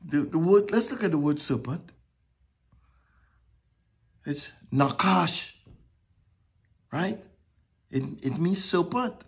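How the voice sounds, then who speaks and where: A woman preaching a sermon, emphatic and drawn-out with dramatic pauses. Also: lowish voice, expressive, slightly rough.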